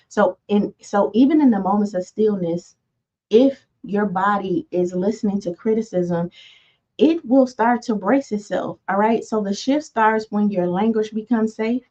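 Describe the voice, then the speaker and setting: Soft-spoken woman in her forties teaching. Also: medium pitch, dull audio. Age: 40s. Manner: soft-toned, conversational, many fillers and asides. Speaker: self-help podcast host. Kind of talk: motivational teaching talk.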